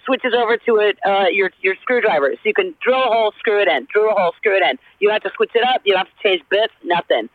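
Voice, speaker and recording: A woman from Alabama with a Southern accent, a guest chatting in an animated, rambling way. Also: medium pitch, fast, hardly any pauses, no room sound. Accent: Southern American. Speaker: actress guest. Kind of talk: casual chat. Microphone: phone call. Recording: dry, tinny phone line.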